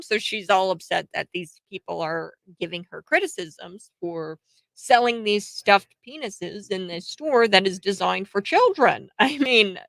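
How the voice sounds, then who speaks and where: A woman's voice: fairly low pitch, gravelly, fairly bright tone, no room sound, poor audio. A woman hosting a commentary show, talking in a chatty, sarcastic way with many filler words and short laughs. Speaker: host. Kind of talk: political commentary.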